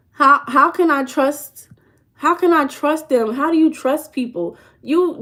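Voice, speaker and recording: A woman with a Southern US accent hosting a casual livestream as a life coach. She reads viewers' comments aloud and teases them playfully, drawing words out for emphasis. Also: medium pitch. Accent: Southern US dialect. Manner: playful, teasing, drawls and slows for emphasis.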